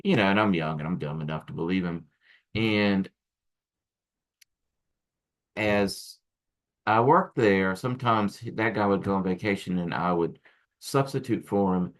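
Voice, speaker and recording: A man's voice: low voice, unhurried, pauses often. A man teaching acupuncture students in a casual, rambling lecture full of restarts and asides. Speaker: acupuncture instructor. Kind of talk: recorded lecture.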